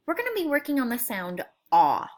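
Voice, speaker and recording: A woman teaching a phonics lesson to young students, sounding out words slowly and clearly in a friendly, coaxing way. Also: on the high side, wildly swooping pitch. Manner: slow, clear, exaggerated sound-outs.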